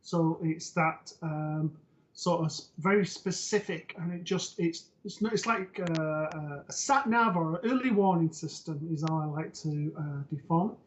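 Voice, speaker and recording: A man's voice: a little high, normal speed. Teasing man co-hosting, dull audio. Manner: teasing, reading out viewer comments. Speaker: psychic medium co-host. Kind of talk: live show chat.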